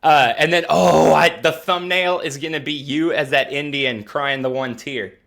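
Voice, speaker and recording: A young adult man co-hosting a comedy podcast, riffing crude jokes in casual banter and slipping into quick put-on voices for bits. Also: a little high, steady tone, gravelly, a bit bright. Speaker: podcast co-host.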